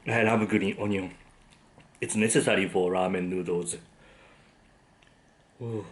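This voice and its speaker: A man's voice: low voice, steady tone, a little slow, slight background noise. A man, hosting a food vlog and tasting his dinner with frequent appreciative hums. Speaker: food vlogger. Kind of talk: casual tasting commentary.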